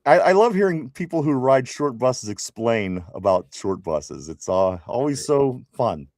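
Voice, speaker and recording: A man co-hosts a live sports chat, reading out viewer comments. His voice sits at an ordinary middle pitch, easygoing and quick to laugh. The sound is dry and close, with no room around it. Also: lively intonation, a little mellow, no room sound. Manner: laughs often, reads viewer comments aloud. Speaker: co-host.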